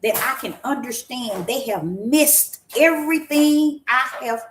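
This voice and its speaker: A woman prophetess preaching to her listeners, emphatic and colloquial, with repeated, drawn-out stresses. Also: high voice. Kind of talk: preaching to an audience. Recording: echoey room with faint noise.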